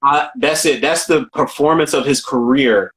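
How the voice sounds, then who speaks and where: A man co-hosting a casual film podcast, talking in an animated, profane way and repeating himself as he riffs. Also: mid-range voice, moderate pace, a crowd in the background. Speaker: podcast co-host.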